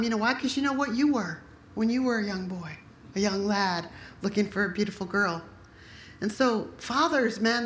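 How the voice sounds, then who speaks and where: A middle-aged woman preaching a sermon, telling family stories in a lively, animated way and acting out what people said. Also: mid-range voice, roomy sound, a little hiss or hum. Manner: animated storyteller, acts out quotes. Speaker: pastor's wife preaching.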